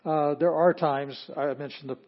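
A man teaching a class on Greek, explaining in a relaxed, plainspoken way with a chuckle now and then. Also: a little high, moderate pace, highs cut off. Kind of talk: classroom lecture.

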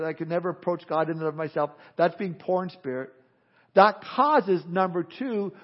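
Male preacher, high voice, homespun and emphatic, dull lo-fi recording. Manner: plain-spoken, emphatic, mimics people for effect. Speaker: preacher teaching through a book of the Bible. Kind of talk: conversational sermon.

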